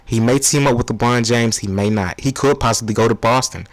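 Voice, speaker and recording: A man's voice: mid-range voice, fairly quick, no echo, close to an everyday voice. A man putting on an insistent sports TV pundit who keeps pleading his case, in a comedy spoof of a sports debate show.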